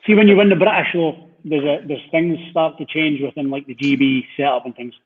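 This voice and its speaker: A man's voice: fairly high pitch, steady tone, a little fast, husky. Scottish male host on a tinny line. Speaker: podcast host. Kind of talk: casual interview chat.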